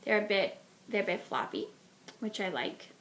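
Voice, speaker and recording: A woman's voice: medium pitch, animated, normal speed, vocal fry, a bit bright, a little hiss or hum. A woman hosting a knitting podcast, chatting casually about a project with lots of ums and restarts.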